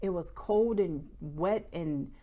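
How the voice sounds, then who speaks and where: A woman's voice: lowish voice, takes it slowly, dark tone, dull audio. A young woman talking candidly to camera about her small business, with lots of "like" and "y'all". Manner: candid, chatty, says "y'all" and "like" a lot. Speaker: small business owner and vlogger. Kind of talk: casual chat to camera.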